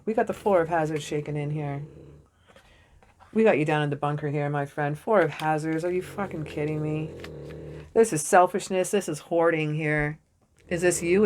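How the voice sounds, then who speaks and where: Young woman reading tarot, kinda low voice, gets all excited and swears a lot. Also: a little hiss or hum. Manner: excitable, swearing, jokey storytelling. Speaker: tarot reader. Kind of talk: casual tarot reading to camera.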